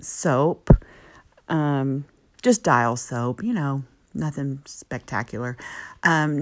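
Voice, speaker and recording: A middle-aged woman casually telling a funny story to camera, rambling with many ums and quoting herself and her friend. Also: low voice.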